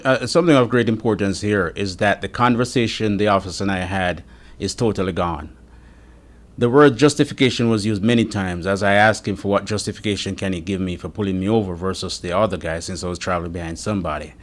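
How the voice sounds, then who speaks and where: A man earnestly recounting an incident in a steady first-person account, giving testimony as an interviewee. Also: deep voice, fast talker. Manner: earnest, steady retelling with frequent quoted dialogue.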